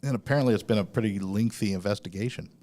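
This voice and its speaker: A man's voice: lowish voice, quick pace, warm tone. A man hosting a podcast, telling news stories in a casual, profane way during a live broadcast from a store. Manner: profane storytelling of news items. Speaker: podcast host. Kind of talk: casual chat.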